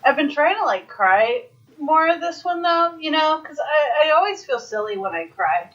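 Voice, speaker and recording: A woman guest in a casual chat, chatty and quick to laugh, with lots of filler words. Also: high voice, expressive, a bit bright, lo-fi sound.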